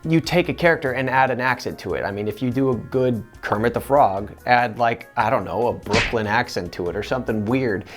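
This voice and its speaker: A man, a voice actor, answering interview questions in an earnest, animated way. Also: medium pitch, brisk, hardly any pauses, music in the background.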